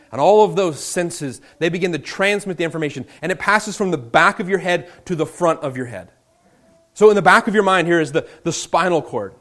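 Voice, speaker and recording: Man, pastor, sermon, slightly raised pitch, expressive pacing, hushed emphasis, casual asides. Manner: expressive preaching, slows for emphasis, drops to a hush on key words; conversational asides with restarts.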